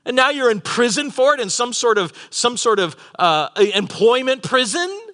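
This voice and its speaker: Bright-voiced man preaching a lively sermon. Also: extremely high pitch, moderate pace. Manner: animated storytelling, acts out characters. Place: conference hall with live audience.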